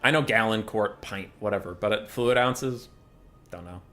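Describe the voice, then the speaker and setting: A man chatting casually on a live stream as a game caster, ranting, with swearing and bursts of loud exasperation. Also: fairly low pitch, normal speed, soft background music.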